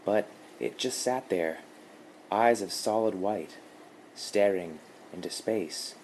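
Low male narrator, slow and measured, horror story reading. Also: darkish tone, slight background noise.

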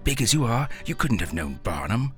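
A man's voice: mid-range voice, big pitch swings, normal speed, a bit bright, faint music behind, pitched above the performer's own voice. A man voicing a solemn, pompous middle-aged male scientist who asks prying questions and stammers when flustered. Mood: probing.

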